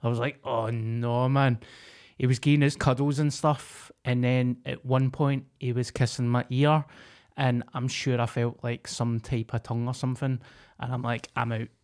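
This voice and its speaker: A man's voice: medium pitch, flat delivery, normal speed, a little mellow. A man in his thirties with a Glaswegian accent, co-hosting a podcast and swapping jokes in casual banter. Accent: Scottish, Glaswegian. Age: 30s. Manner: joking, banter-heavy. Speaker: podcast co-host. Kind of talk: casual chat.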